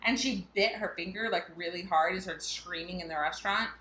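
A woman's voice: fairly low pitch, a little fast, sharp tone, roomy sound, slight background noise, rough recording. A woman in her thirties co-hosting a podcast, chatting casually and telling family stories with frequent laughter. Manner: chatty storyteller, laughs often. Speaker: podcast co-host. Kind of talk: casual chat.

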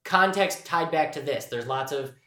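A man's voice: on the high side, moderate pace, pushed and bright, roomy sound. A man co-hosting a podcast, talking in a rambling, jokey way in casual chat. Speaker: podcast co-host.

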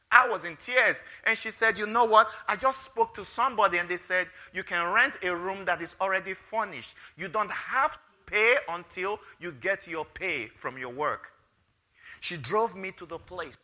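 Bright high-voiced man preaching. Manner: emotional storytelling, rising loud on key phrases. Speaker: pastor. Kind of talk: sermon with personal testimony.

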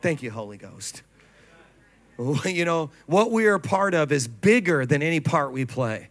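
A man's voice: fairly high pitch, big pitch swings, measured pace. A man preaching to a congregation, telling stories with laughter and acted quotes. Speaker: pastor. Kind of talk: sermon. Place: church stage before a congregation.

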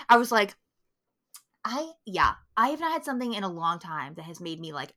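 A woman's voice: mid-range voice, lively intonation, moderate pace, pushed and bright. A young woman co-hosting a podcast, ranting in heated, profane bursts and acting out quoted lines. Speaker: podcast co-host. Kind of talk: casual podcast chat.

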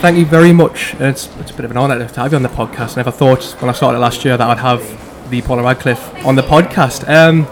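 A man's voice: medium pitch, fast, few pauses, a crowd in the background. A man with a Geordie accent hosting a casual podcast interview, eager and stumbling over restarts as he asks his questions. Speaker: podcast host.

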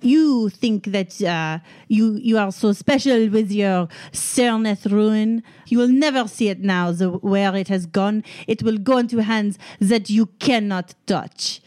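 A woman's voice: medium pitch, measured pace, few pauses, a little mellow, no echo, close to an everyday voice. Brief: woman voicing a stilted, blustering older male villain in a tabletop game, indignant and threatening, dry close sound. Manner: blustering, outraged, stilted formal speech.

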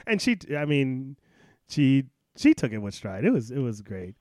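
A man telling a travel story in casual podcast chat, animated and laughing often as he acts out the people in it. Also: medium pitch, unhurried, dry recording, studio quality.

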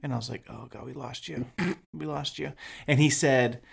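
A man's voice: mid-range voice, normal speed, gravelly, breathy edge. A man from Texas co-hosting a casual podcast chat, telling rambling stories and acting out quotes. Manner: rambling storyteller, acts out quotes. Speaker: podcast co-host.

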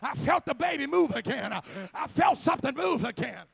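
Raspy high-voiced preacher man whooping. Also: very animated, brisk, no room sound. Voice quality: raspy, gravelly voice. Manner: rhythmic "uh" breaths between shouted phrases. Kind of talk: Pentecostal-style sermon, chanted and shouted. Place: church sanctuary.

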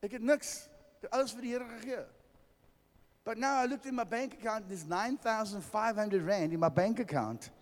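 A man's voice: high voice, normal speed, pitched above the performer's own voice. A preacher quoting a bewildered young South African man. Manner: mixes in Afrikaans, excited and puzzled. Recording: long hall reverb.

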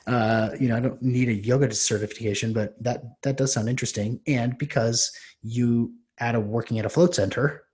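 A man's voice: medium pitch, fairly even intonation, brisk, few pauses, a little mellow. A man, a podcast host and coach, telling a personal story in a loose, rambling way with many restarts. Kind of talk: casual storytelling.

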